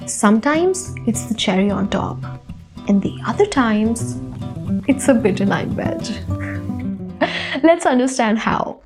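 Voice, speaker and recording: Give me a playful woman narrating a science explainer, bright high voice and lots of bounce in it.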